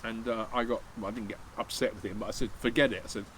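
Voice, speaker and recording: A man's voice: lowish voice, steady tone, fast talker, noisy background. A man casually telling a long anecdote, rambling with restarts and acting out what people said. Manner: rambling, anecdotal, acts out dialogue with many restarts. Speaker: channel host telling a hunting anecdote. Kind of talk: casual storytelling.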